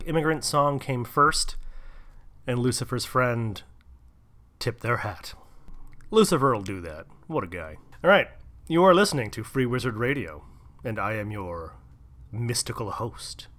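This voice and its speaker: A man's voice: medium pitch, expressive, unhurried, long pauses, sharp tone. A man hosting a radio show, chatting casually and jokingly with a nasal voice as he gets over a cold. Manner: jokey, rambling, enthusiastic. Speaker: radio host.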